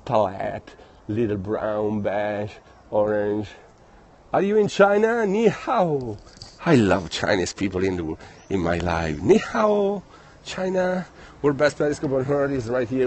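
A man with an Italian accent, chatting casually in a live stream while walking outdoors through city streets. He reads viewer comments aloud and speaks in a friendly, halting way. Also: lowish voice, darkish tone, a little hiss or hum. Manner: friendly, chatty, halting non-native phrasing.

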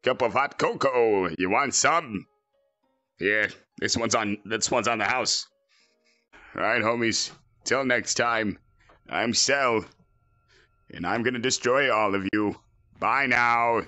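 Male actor as a brash, foul-mouthed villain, bright tone, boasting. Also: mid-range voice, slow pace, long pauses, no room sound, soft background music. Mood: cocky. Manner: boastful, crude, joking. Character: cocky arrogant male android villain, gamer. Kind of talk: fan parody voice acting.

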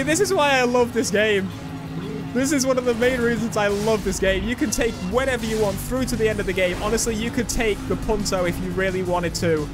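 A young man on a headset, chatting through a let's play with excitable outbursts. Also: high voice. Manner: chatty, excitable, bursts into loud exclamations. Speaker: gaming YouTuber. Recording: game music loud behind voice.

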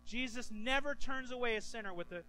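A man preaching a sermon as pastor, animated and acting out the people in his stories. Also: very high voice, brisk, low-quality recording. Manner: animated, acts out quoted voices.

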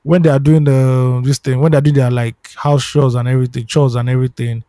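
A Nigerian man co-hosting a podcast in relaxed, chatty talk, slipping into pidgin now and then. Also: mid-range voice, brisk, no echo. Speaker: podcast co-host. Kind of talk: casual chat.

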